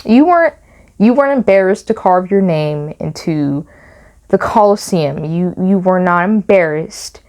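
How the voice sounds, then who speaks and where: Young female commentator, animated and incredulous, casual vlog delivery. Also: on the low side, measured pace. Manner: animated, exasperated, repeats phrases for emphasis. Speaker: YouTube commentator and author.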